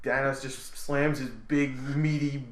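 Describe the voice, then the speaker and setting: A man's voice: mid-range voice, steady tone, slow pace, a crowd in the background. A young man hosting a podcast in casual chat, joking, swearing and laughing often. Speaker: podcast host. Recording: echoey room.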